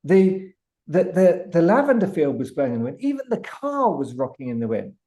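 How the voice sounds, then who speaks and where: A man with a British accent, a guest artist telling a vivid, animated story with frequent restarts. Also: on the high side, brisk. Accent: British English. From Britain. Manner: vivid, building anecdote with many restarts.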